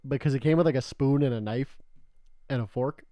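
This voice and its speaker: A man's voice: mid-range voice, a little fast, mellow, dry recording. A young man from Canada co-hosting a podcast, telling meandering stories full of "like" and cheerful swearing. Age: young adult. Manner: rambling storyteller, heavy filler "like", joking and swearing. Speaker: podcast co-host. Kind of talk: casual chat.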